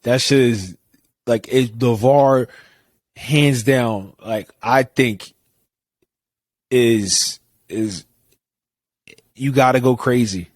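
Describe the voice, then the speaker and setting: A man's voice: medium pitch, drawn-out words, pauses often, no room sound. A young man, podcast co-host, talking casually in a laid-back way with casual swearing. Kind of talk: casual chat.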